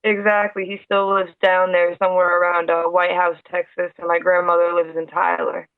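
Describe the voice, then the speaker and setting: A woman's voice: fairly low pitch, flat delivery, normal speed, no room sound. A woman with a New York accent, a friendly guest talking casually over a video call. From Hudson Valley, New York. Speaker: interview guest. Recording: tinny internet call audio.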